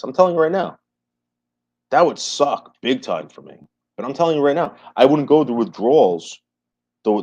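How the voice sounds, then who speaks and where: On a livestream, a man with a mid-range, somewhat dark voice chats casually, hammering his phrases through repetition and cursing without restraint. The audio is muffled and lo-fi.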